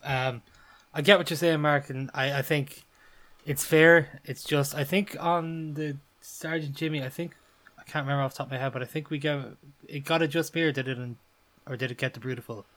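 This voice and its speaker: A man's voice: fairly high pitch, steady tone, moderate pace, fairly bright tone. An Irish man co-hosting a beer podcast, thinking aloud hesitantly with many fillers. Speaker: podcast co-host. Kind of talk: casual chat reviewing beer.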